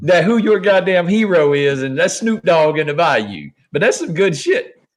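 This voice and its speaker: A male podcast host with a slightly high voice, talking in loose, profane chat. He is emphatic and keeps repeating names. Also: big pitch swings, moderate pace. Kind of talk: casual chat.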